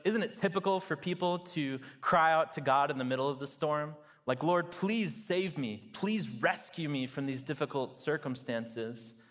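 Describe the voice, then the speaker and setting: A man preaching a sermon in an easy, chatty style and dropping in "like" and "you know" as he goes. His voice sits at an ordinary middle pitch for a man. The sound carries the long, ringing reverb of a large church hall. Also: fairly bright tone. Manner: conversational, full of "like" and "you know". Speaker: pastor.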